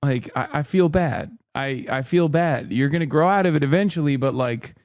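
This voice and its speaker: A man's voice: a little high, moderate pace, a little mellow, no echo, studio quality. A man streaming and talking to his chat in a casual, self-questioning way, often repeating himself. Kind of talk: casual reaction commentary to chat.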